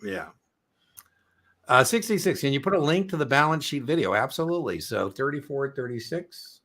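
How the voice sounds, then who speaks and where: A man's voice: mid-range voice, expressive, normal speed, a bit bright. A middle-aged man hosting an exam prep live stream, chatting casually and telling rambling, joking stories.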